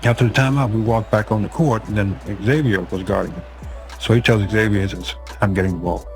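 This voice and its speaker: A man's voice: lowish voice, a little fast, vocal fry, soft background music. Plain-spoken man recalling coaching stories. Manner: plain-spoken, chuckling anecdotes. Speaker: basketball coach. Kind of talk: recalled interview storytelling.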